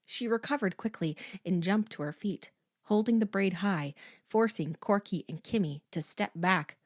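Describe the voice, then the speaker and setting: A woman narrating a horror audiobook in a slow, hushed, suspenseful manner. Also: medium pitch, no echo, clean studio sound.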